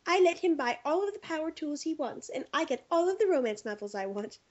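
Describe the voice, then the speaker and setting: A woman voicing a sweet, fussy little old lady in a slightly higher voice, on slightly dull lo-fi audio. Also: very animated, brisk. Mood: fretful, pleased.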